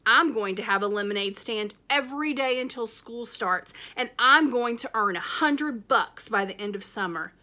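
A woman's voice: a little high, moderate pace, hardly any pauses. A woman reading as an angry young boy. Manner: snappish, shouting. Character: angry fourth-grade boy, bossy older brother.

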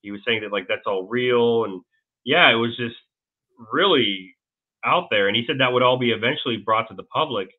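Rambling man over a tinny line. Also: medium pitch. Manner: rambling, halting, many restarts and fillers. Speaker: guest. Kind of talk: casual interview storytelling.

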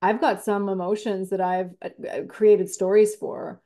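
A woman speaking as a podcast guest, talking in an animated and reflective way and acting out her own inner thoughts as she explains. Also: mid-range voice, a little slow. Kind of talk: reflective conversational interview.

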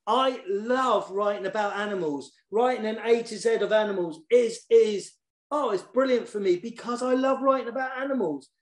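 A man's voice: sits high, normal speed. Guy chatting about his kids books, eager, restarts a lot, roomy echo. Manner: warm and enthusiastic, repeats words while searching for them. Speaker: children's poet and author. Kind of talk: casual talk in an online author session.

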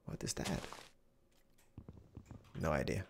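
A young man giving excitable Let's Play commentary, exclaiming and chatting to the animals he finds. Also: takes it slowly. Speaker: gaming YouTuber.

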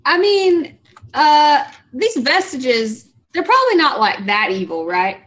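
A woman's voice: high-pitched, sing-song, takes it slowly, fairly bright tone. A woman playing in a tabletop game, chatty and hesitant, full of fillers. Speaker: player. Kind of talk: casual in-character play.

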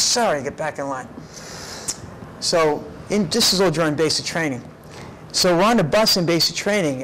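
A man in his fifties, an interview guest, tells animated stories from his life in a fairly high voice. He keeps checking in with a quick "right?", and a faint hum of room noise sits behind him. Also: poor audio. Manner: lively, tags phrases with "right?". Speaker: interview guest, karate teacher. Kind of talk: animated personal storytelling. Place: karate gym.

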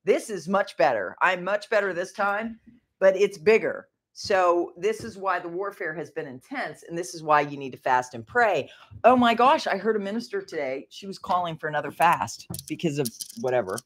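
A woman's voice: on the low side, expressive, moderate pace. A middle-aged woman hosting a rambling faith livestream from home, chatty and easily distracted, laughing often. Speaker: livestream host.

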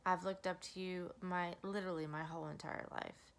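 Tearful middle-aged woman, gravelly, lowish voice, rambling birthday message to her sister. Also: fairly even intonation, fairly quick. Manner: emotional, rambling with many fillers. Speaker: younger sister. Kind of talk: heartfelt birthday video message.

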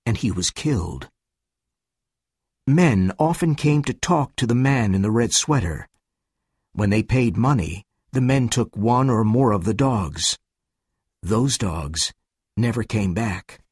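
A man reading a storybook aloud slowly and carefully for English learners. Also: lowish voice, animated, darkish tone, no echo, clean studio sound. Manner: slow, careful, clearly paced reading.

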